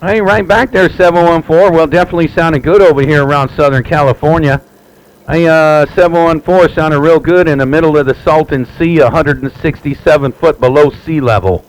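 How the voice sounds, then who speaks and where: A man chatting on a CB radio from his home station, relaxed and repetitive, with many fillers. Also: on the high side, a little fast, background noise. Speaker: CB radio operator. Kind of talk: live radio chat. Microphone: radio transceiver mic.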